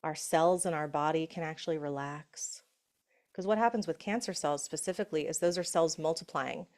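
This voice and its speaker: A middle-aged woman giving a conversational motivational talk, often asking "right?" and slowing into soft, hushed affirmations. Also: low-pitched. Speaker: summit speaker. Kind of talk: motivational talk on breath and safety.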